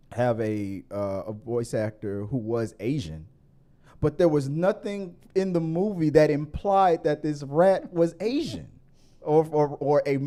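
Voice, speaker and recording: A man hosting a casual movie talk show, rambling with many restarts and growing more animated as he argues his point. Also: on the high side. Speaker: podcast host.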